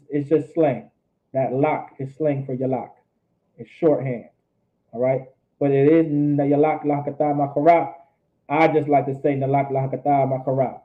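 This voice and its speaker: A man teaching a language lesson, repeating phrases slowly and explaining them. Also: fairly high pitch. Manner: slow, repetitive drilling of phrases. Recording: tinny phone-like audio.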